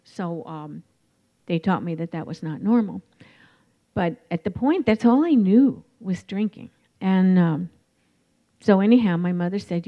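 A woman in her forties telling her recovery story in a candid, reflective way, with many pauses and fillers. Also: fairly low pitch, lively intonation. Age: 40s. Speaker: recovery meeting speaker. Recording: dull lo-fi recording.

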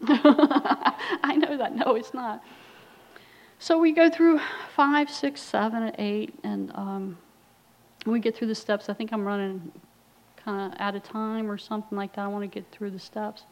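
A middle-aged woman telling her recovery story at a meeting, acting out the dialogue with lively, often laughing delivery. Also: a little high, a little slow, dull audio.

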